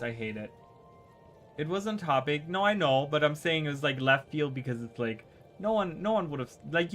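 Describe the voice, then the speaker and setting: A man chats casually with his viewers while he plays, rambling and teasing as he goes. He trips over his words and starts his sentences again and again. His pitch sits in an ordinary middle range, and faint game music plays quietly behind him. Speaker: gaming streamer. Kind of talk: casual livestream chat while gaming.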